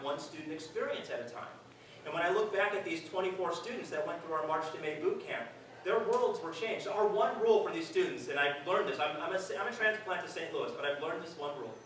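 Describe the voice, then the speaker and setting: A man's voice: fairly high pitch, fairly bright tone, slight background noise. Man speaking in a very echoey hall. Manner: conversational, earnest with dry self-mocking humor. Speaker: event speaker. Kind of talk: public speech to an audience. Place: large hall at a live event. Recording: very echoey hall, distant mic.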